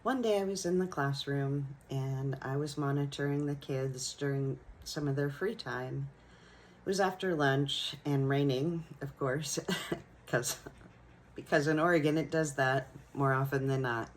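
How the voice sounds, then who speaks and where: A woman who teaches young children, telling a personal classroom story in a gentle, reflective way. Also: extremely low pitch, a little slow, slight background noise, low-quality recording. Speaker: elementary school teacher.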